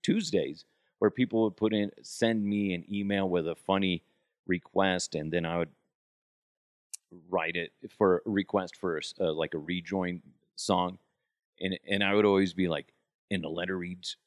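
A man's voice: low voice, no echo, studio quality. A man hosting a podcast, telling stories in a loose, profane, rambling way. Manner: loose, profane, rambling, with quick jumps into put-on voices. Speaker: podcast host. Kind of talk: casual storytelling chat.

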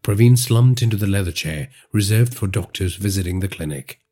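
A man with an Indian English accent reading a crime story in a measured, dramatic way as a podcast storyteller. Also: lowish voice, dark tone, husky, soft background music. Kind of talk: scripted crime narration.

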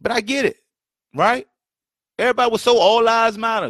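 A man's voice: very high-pitched, brisk, long pauses, a bit bright, no room sound. Fired-up male podcast host, dry close mic. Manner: heated, rhetorical, repetitive, mocking quoted voices. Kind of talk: impassioned solo commentary. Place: home setup, livestream.

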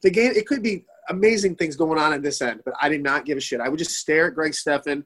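A man's voice: on the high side, quick pace. A middle-aged man from the Detroit area, telling a hockey story in casual conversation, swearing and acting out what others said. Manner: storytelling, animated, swearing, acts out quotes. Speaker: guest, former youth hockey goalie.

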